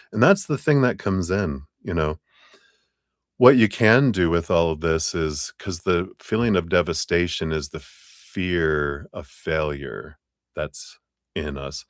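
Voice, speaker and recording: Deep-voiced man giving a lively tarot reading. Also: no room sound, studio quality. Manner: animated, acts out inner voices in high playful tones, laughs often. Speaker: tarot reader. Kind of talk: live tarot reading, casual advice.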